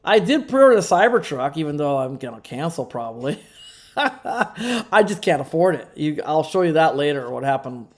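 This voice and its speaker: A man hosting a casual live stream, rambling with sarcastic asides and frequent chuckles. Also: on the high side. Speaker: livestream host.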